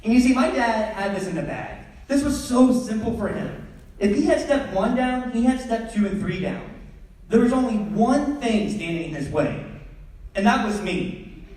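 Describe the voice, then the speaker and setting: A young man doing storytelling stand-up on a theatre stage, animated and acting out scenes. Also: sits high, normal speed. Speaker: stand-up comedian. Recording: echoey theatre from far off.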